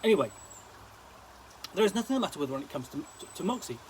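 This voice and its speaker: Guy reading a slangy story aloud, high voice, trips over words sometimes. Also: fast, a little hiss or hum, poor audio. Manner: lively storytelling, now and then stumbling over words. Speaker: reader. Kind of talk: story reading in a present-tense gangster-slang voice.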